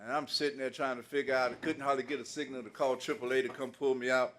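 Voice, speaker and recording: A man's voice: medium pitch, little pitch movement, quick pace, a bit bright, slight background noise. An older man doing stand-up comedy, telling folksy stories in a loose way and laughing at his own jokes.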